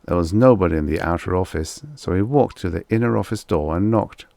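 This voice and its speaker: A man with a croaky, wheezy voice narrating a vintage short story in measured storytelling. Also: sits low, mellow, no room sound. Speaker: audiobook narrator.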